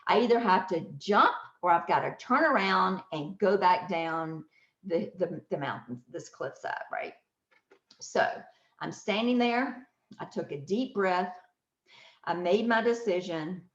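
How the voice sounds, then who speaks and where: A woman hosting a podcast, telling a personal story with lively laughter and acted-out voices. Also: fairly low pitch, a little slow. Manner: animated, laughs often, acts out voices. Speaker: podcast host. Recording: roomy, slightly dull audio.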